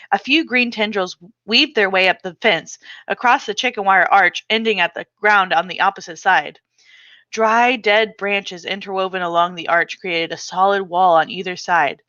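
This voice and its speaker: Casting: a woman author reading her memoir aloud with a bright, crisp voice, expressive and dramatic, on a slightly dull recording. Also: medium pitch, no room sound.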